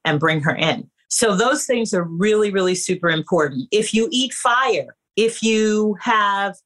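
A woman's voice: mid-range voice, lively intonation, a little slow, fairly bright tone. A woman acting coach and casting director giving emphatic, conversational advice to actors on a podcast. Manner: emphatic, conversational, addresses listeners as you guys.

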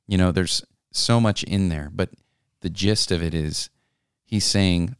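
A man's voice: low voice, unhurried, clean tone, no echo, clean studio sound. A young man in an earnest, conversational devotional talk, reading scripture aloud and then reflecting on it. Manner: earnest, conversational, with many restarts and asides. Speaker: co-host reading and discussing scripture.

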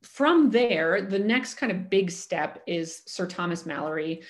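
A woman's voice: lowish voice, expressive, unhurried. A woman co-hosting a podcast, explaining history in casual chat with frequent ums and easy laughs. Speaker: podcast co-host.

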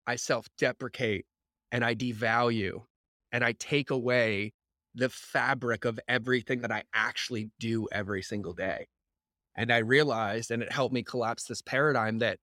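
A man's voice: medium pitch, bright, forceful tone, dry recording, studio quality. A man hosting a podcast, chatting casually and emphatically, swearing freely and often. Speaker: podcast host. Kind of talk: casual chat.

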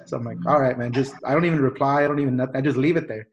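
A man's voice: mid-range voice, rapid-fire, lo-fi sound. A man hosting a podcast, chatting loosely with many restarts, fillers and some swearing. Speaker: podcast host. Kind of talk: casual podcast chat.

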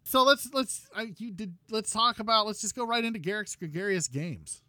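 A man co-hosting a casual gaming podcast, talking in an animated, rambling way with laughs and restarts. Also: high-pitched, normal speed, no room sound, clean studio sound. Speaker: podcast co-host.

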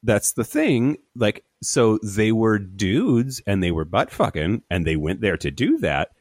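Deep-voiced man chatting, sick. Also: sing-song, a little slow, darkish tone, no echo, clean studio sound. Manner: rambling, repeats words while explaining. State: sick with covid. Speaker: podcast co-host. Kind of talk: casual chat. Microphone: remote recording.

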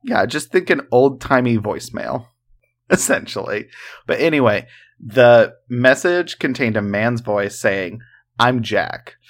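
A man with a medium-pitched voice speaks expressively and without hurry. He co-hosts a laid-back true-crime podcast, joking and rambling with plenty of filler words.

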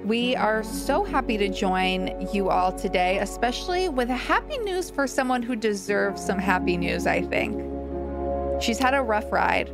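A woman's voice: mid-range voice, animated, unhurried, creaky, loud music behind the voice. A woman co-hosting a podcast in a casual, gossipy chat, laughing often. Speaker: podcast co-host.

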